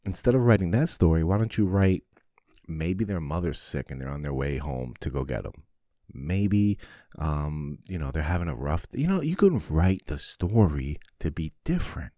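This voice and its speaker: A man hosting a podcast, talking in a blunt, profane, animated monologue. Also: rumbling low, moderate pace, no echo, clean studio sound. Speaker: podcast host. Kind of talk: casual monologue.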